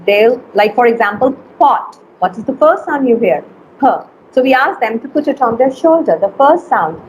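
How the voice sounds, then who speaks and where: A woman teacher giving an online phonics lesson, slowly stretching and sounding out letters and words. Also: fairly high pitch, expressive, darkish tone, dull audio, slight background noise.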